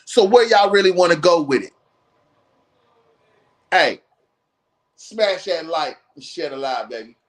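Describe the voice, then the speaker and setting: A man's voice: fairly high pitch, expressive, a little slow, long pauses. A man hosting a live podcast stream, ranting bluntly and profanely in heated commentary. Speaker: podcast host.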